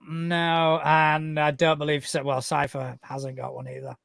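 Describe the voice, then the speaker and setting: A man's voice: a little high, monotone, a little slow, creaky, a bit bright, no echo. A man chatting as a podcast co-host, teasing and wry, laughing along with his partner. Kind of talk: casual chat.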